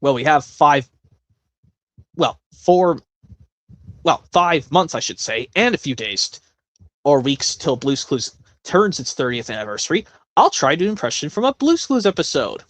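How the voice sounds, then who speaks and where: A man's voice: fairly high pitch, big pitch swings, moderate pace, fairly bright tone, no room sound. A man hosting a casual live stream, chatting in a rambling way with many self-corrections.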